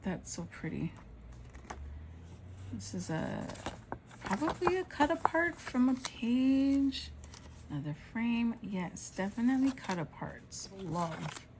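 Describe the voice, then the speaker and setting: A woman's voice: a little high, big pitch swings, takes it slowly, long pauses, background noise. A woman vlogger narrating a casual show-and-tell of craft supplies, gushing and exclaiming over each item.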